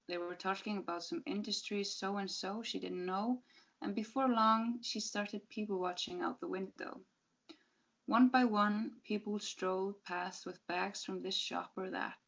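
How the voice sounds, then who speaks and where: Woman, literary reading, measured, small self-corrections, dull call audio. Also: medium pitch. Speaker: reader at a literary event. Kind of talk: reading a short story aloud.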